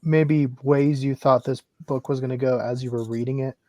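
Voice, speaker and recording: Man, flat delivery, mellow dark tone, dry sound, moderating a relaxed chat. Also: mid-range voice, normal speed, dry recording. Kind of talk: casual book club chat.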